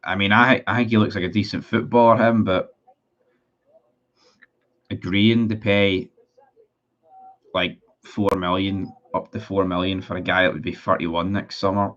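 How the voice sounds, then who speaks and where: A man's voice: low-pitched, steady tone, normal speed, long pauses, a bit bright, highs cut off. A man in a casual livestream, reading out viewer comments and answering them in a blunt, sweary, sarcastic way. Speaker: football fan streamer.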